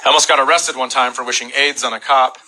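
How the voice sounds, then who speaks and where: A male stand-up comedian telling stories deadpan, acting out the people in them, on a club stage. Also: medium pitch, fast, very noisy. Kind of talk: stand-up storytelling. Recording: live club with audience laughter.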